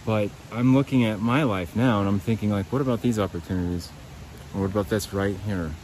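A man hosting his own podcast talks to himself outdoors by a creek, rambling from thought to thought. His voice sits a little low. He swears freely and pokes fun at himself, with faint outdoor noise around him. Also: brisk, a little mellow, poor audio. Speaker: podcast host.

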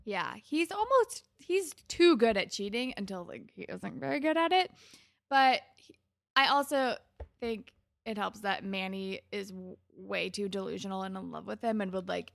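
Young woman podcast cohost, gravelly fry, dry close sound, sarcastic rambly chat. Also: mid-range voice, lively intonation, moderate pace, dry recording. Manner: chatty, sarcastic, heavy use of "like". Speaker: podcast co-host. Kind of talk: casual chat recapping a TV episode.

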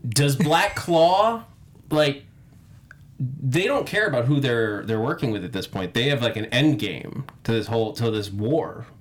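A man's voice: mid-range voice, expressive, unhurried. A man hosting a casual fan podcast, chatty and full of "like" fillers. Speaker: podcast host.

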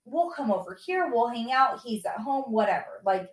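A woman's voice: fairly high pitch, very animated, moderate pace, hardly any pauses, roomy sound. A woman in her forties, a mother candidly telling a family story in casual chat, full of "like" fillers. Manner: candid, emotional, many "like" fillers.

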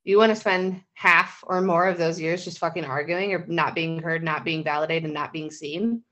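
Woman co-host, casual chat; passionate, blunt, profane, spikes loud and high when riled. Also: steady tone, moderate pace. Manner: heated and swearing, rising in pitch and volume when worked up. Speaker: podcast co-host.

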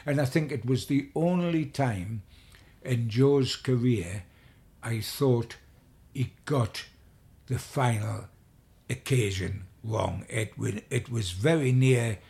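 A man's voice: medium pitch, gravelly, darkish tone. An older man, a sports journalist, telling long rambling anecdotes in an interview, with frequent restarts.

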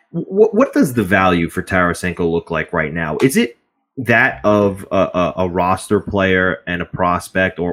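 A man's voice: sits low, a bit bright. A man hosting a sports podcast, asking rambling questions full of fillers in casual chat. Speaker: podcast host.

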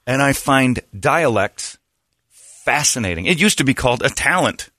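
A man's voice: medium pitch, expressive, unhurried, long pauses, bright, forceful tone, dry recording, clean studio sound. A man hosting a talk show, talking in a brash, opinionated rant and laughing between points. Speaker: radio show host.

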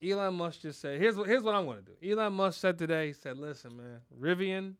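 A man's voice: high voice, fast talker, clean tone, no echo, studio quality. A man hosting a podcast in a brash, profane casual rant, constantly asking "you know what I'm saying". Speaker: podcast host.

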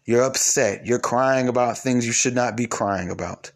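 A man giving a preachy monologue to his viewers, emphatic, swinging between loud and low. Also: normal speed.

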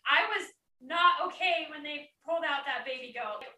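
A woman co-hosting a podcast in casual chat, excitable and dramatic as she talks. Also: high-pitched, moderate pace, distant mic. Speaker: podcast co-host. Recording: echoey room, away from the mic.

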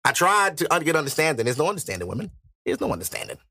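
A man's voice: a little high, big pitch swings, racing, creaky, sharp tone, a little hiss or hum. A man hosting a podcast, arguing his point bluntly in casual, profane chat. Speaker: podcast host.

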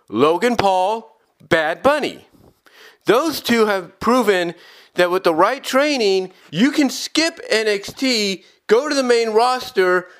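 A man's voice: sits high, fairly bright tone. A man hosting an opinion podcast, talking emphatically and repeating his points for insistence. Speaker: podcast host.

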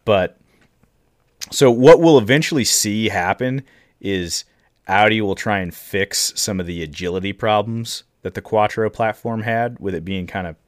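A man co-hosting a casual podcast talks in a very deep voice. He explains in a measured way and pauses often to gather his thoughts. The recording is dry and close, with no room sound. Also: no echo. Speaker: podcast co-host explaining rally history.

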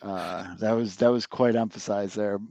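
A man's voice: fairly low pitch, steady tone, normal speed, vocal fry, mellow, no echo. A man hosting a podcast in casual banter, laid-back and swearing freely. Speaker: podcast host.

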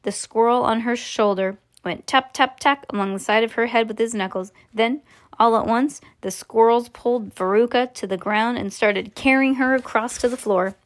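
Brief: woman, fairly high voice, reading a storybook aloud to a kid, expressive, self-correcting. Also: moderate pace. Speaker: parent reading to a child.

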